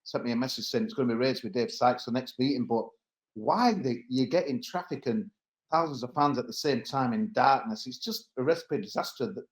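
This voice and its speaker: A man's voice: mid-range voice, brisk, roomy sound. A man with an East Midlands accent telling a rambling story with laughs on a casual football podcast. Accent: English East Midlands. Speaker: pod regular.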